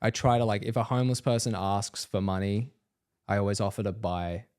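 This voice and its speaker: A man's voice: lowish voice, a little fast, smooth. A young man with an Australian accent, telling stories in a casual podcast chat, swearing freely and peppering his speech with "like". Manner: animated, swears a lot, lots of "like". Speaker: podcast co-host.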